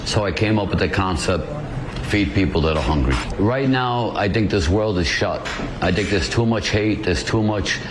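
Deep-voiced Bronx man. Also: animated, moderate pace, noisy background. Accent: New York (Bronx). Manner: emphatic, heartfelt. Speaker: pizza shop owner.

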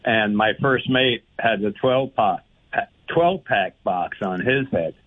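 A man's voice: lowish voice, slow pace, slightly rough. A man calling into a radio show, telling a jokey story with many hesitations. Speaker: caller. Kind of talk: call-in anecdote. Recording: tinny phone line.

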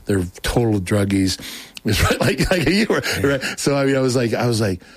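A man's voice: medium pitch, normal speed, no echo. A middle-aged man telling his conversion story casually, acting out what people said in a raised voice. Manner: animated, acts out quotes in a raised voice. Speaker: guest telling his testimony.

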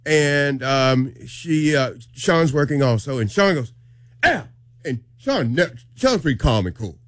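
A man's voice: medium pitch, unhurried, no room sound, clean studio sound. A man, a morning radio co-host telling a story casually and acting out quotes in a raised voice. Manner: animated, acts out quotes in a raised voice.

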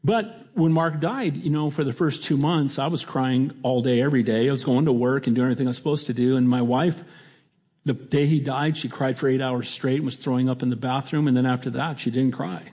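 Middle-aged pastor guy preaching, chatty, husky kinda mellow voice. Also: mid-range voice, fairly even intonation, fairly quick. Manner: conversational, restarts often with "you know". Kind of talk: sermon.

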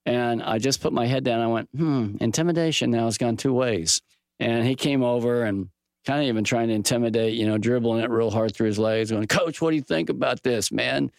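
A middle-aged man talks through scripture in a folksy, conversational way, slipping into animated voices for quoted dialogue. His voice sits at an ordinary pitch and sounds dry and close. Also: brisk, no echo. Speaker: Bible teacher. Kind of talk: conversational Bible teaching with stories.

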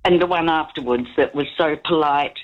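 A woman's voice: low voice, normal speed. Giggly older New woman caller. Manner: giggly, rambling, chatty. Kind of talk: call-in story telling. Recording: dull lo-fi radio call line.

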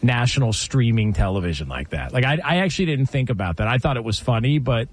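A male sports radio host in casual banter with his co-hosts. He talks in an easy, animated way and laughs often while telling a story. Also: medium pitch, quick pace.

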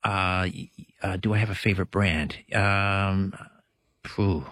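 A man's voice: low-pitched, steady tone, takes it slowly, a bit bright, no echo. A man guest-hosting a late-night radio talk show, chatty, often correcting himself mid-sentence. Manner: chatty, restarts and self-corrections. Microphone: studio microphone.

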